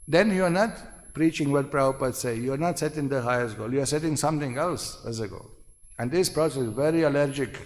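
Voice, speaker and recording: A man's voice: mid-range voice, gravelly. A man giving a devotional seminar lecture, speaking emphatically, repeating phrases and often asking "no?". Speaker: spiritual seminar teacher. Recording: reverberant hall.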